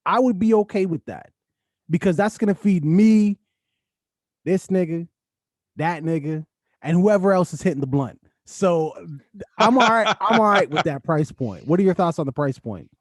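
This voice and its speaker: A man's voice: sits high, lively intonation, moderate pace, no room sound, studio quality. A man co-hosting a podcast from Canada, chatting casually in a laid-back, joking, slangy way. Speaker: podcast co-host. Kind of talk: casual chat.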